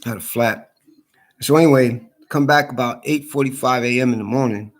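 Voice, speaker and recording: A man's voice: mid-range voice, fairly quick. A man in an angry, heated rant to camera, swearing a lot and repeating himself. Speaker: vlogger.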